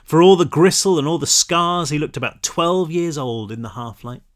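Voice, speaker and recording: A man reading his own novel aloud, relaxed, now and then correcting himself. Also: on the high side, moderate pace. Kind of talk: audiobook narration.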